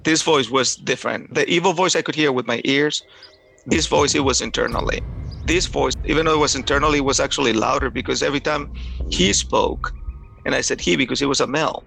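A man's voice: mid-range voice, brisk, gravelly, bright, forceful tone, a little hiss or hum. A man giving an intense, earnest first-person testimony, retelling a harrowing experience in vivid detail. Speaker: storyteller recounting a personal experience.

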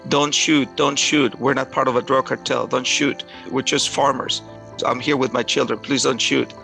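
A man's voice: medium pitch, fairly even intonation, moderate pace, vocal fry, pushed and bright, faint music behind. A man voicing a wary middle-aged male farmer, a father, who talks in a nervous, insistent way. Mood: frightened.

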